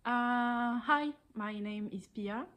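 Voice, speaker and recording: A woman's voice: fairly high pitch, takes it slowly, fairly bright tone, slight background noise. A woman in her thirties with a French accent, chatting hesitantly in her living room about her knitting for a video podcast. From France. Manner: hesitant, many ums, a little shy on camera. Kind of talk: casual video podcast chat.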